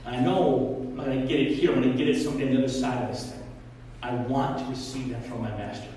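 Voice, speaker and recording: Delivered at a quick pace in a mid-range voice, this man's sermon is conversational and full of jokes and lively stories. The church hall echoes, the microphone sits at a distance, and faint hiss or hum is audible.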